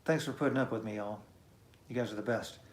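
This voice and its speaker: A musician hosting a live stream reads viewer comments aloud in a fairly low voice, talking quickly. He's warm and chatty, casually joking at his own expense, and the room around him is echoey.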